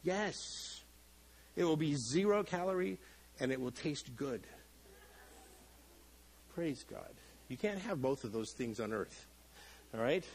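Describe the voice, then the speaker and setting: A middle-aged man preaching in a church sanctuary, his fairly high voice swinging up and down as he jokes. He acts out the people in the story with playful, animated delivery. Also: slow pace, long pauses, breathy edge, low-quality recording. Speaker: pastor. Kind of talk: sermon.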